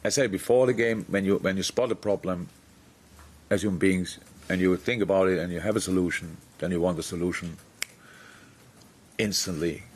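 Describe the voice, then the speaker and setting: Man answering press questions, low voice. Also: normal speed, slightly rough. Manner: frank, animated, many restarts. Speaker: football manager. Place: press conference room.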